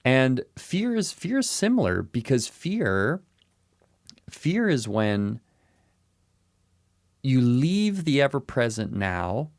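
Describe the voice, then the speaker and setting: A man's voice: mid-range voice, darkish tone, no echo, studio quality. A man co-hosting a podcast who muses in casual talk and repeats short phrases as he works through an idea. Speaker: podcast co-host. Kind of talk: casual reflective chat.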